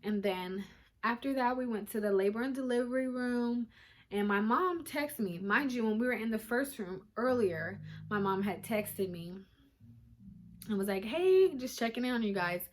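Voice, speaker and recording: A young woman vlogger with a voice on the high side, speaking at normal speed, casually tells viewers her birth story. She is chatty and emotional, recorded at home on a phone camera.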